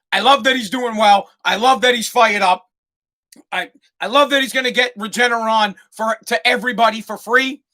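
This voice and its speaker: A man, hosting a podcast as a sarcastic, excitable, profane comic rant that often breaks into shouting. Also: high voice. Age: 40s. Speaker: podcast host. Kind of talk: comedic rant.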